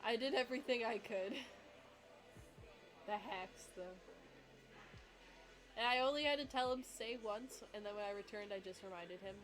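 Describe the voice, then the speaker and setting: A woman's voice: mid-range voice, moderate pace, pauses often, fairly bright tone, faint music behind. A young woman giving a casual, giggly, rambling reaction commentary with lots of fillers. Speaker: vlogger reacting to her own dog competition video.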